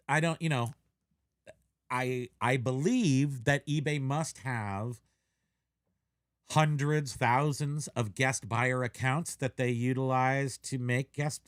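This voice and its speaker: A man's voice: medium pitch, dry recording, studio quality. A middle-aged man from California chatting casually on a live show, telling rambling, self-mocking stories. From Menlo Park, California. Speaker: co-host of a reselling live show. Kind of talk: casual live-stream chat.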